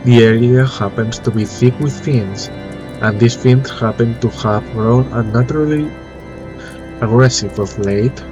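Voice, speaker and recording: A man with a flu-stuffed nose reading out a formal, learned young male scholar's game dialogue in a plain, slightly halting voice. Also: medium pitch, muffled recording, music in the background, natural voice. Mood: earnest.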